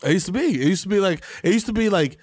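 A man with a New York accent, co-hosting a podcast, excitable and slangy, acting out quotes. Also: sits high, very noisy. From the Bronx, New York. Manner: excitable, slangy, quick to laugh, acts out quotes. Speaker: podcast co-host. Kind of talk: casual comedic banter. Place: studio.

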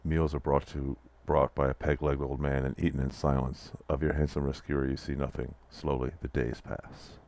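A man's voice: rumbling low, level tone, normal speed, hardly any pauses, a little mellow. A man playing an interactive fiction game, reading its text aloud and adding dry, wry asides of his own. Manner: dry wry asides between narrated passages. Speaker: let's play player reading text aloud.

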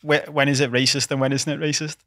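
A man's voice: medium pitch, little pitch movement, fast, fairly bright tone, no room sound, studio quality. A man, co-hosting a podcast in casual chat, jokey and teasing. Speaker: podcast co-host.

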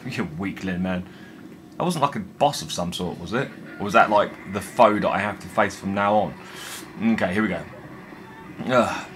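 A young man commenting on a horror game he is playing, jumpy and excitable, swearing and talking to himself. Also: on the low side, moderate pace, a little hiss or hum. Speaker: gaming video host. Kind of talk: let's play commentary.

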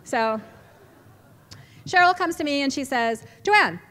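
A middle-aged woman, giving an animated storytelling talk to a live audience in a large hall. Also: sits high, unhurried. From California, USA. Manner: animated, chatty, laughs often, with restarts. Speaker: symposium speaker. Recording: echoey hall reverb.

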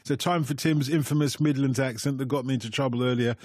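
Male phone-in host, playful and teasing, husky tone, dry studio. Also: medium pitch, steady tone, quick pace, a little mellow, no echo. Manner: jokey, teasing, chatty. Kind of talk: casual radio chat, reading listener emails. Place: radio studio. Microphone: studio microphone.

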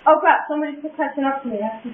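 Woman, gamer, excitable, trash-talking, very high voice, phone-like audio. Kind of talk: casual gameplay chat. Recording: tinny lo-fi audio with echo and hiss.

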